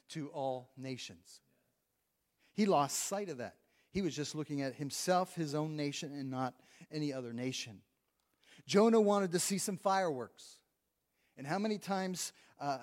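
A man preaching a sermon in a conversational way, reading scripture aloud between his own remarks. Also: on the high side. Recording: long reverb of a large hall.

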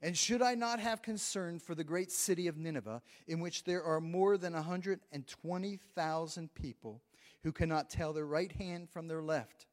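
A man's voice: on the high side, moderate pace. A man preaching a sermon in a conversational way, reading scripture aloud between his own remarks. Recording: long reverb of a large hall.

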